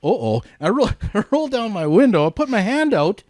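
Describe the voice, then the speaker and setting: A male trucker telling a road story in casual chat, animated and rising sharply in pitch when excited. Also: fairly quick, no room sound. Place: studio table.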